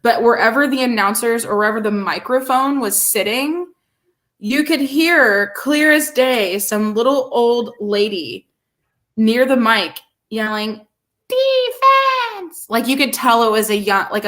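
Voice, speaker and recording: A woman's voice: fairly high pitch, a little slow. A woman co-hosting a podcast, chatting casually and sarcastically about a college basketball game. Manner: animated, sarcastic, laughs often. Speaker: podcast co-host. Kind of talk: casual sports chat.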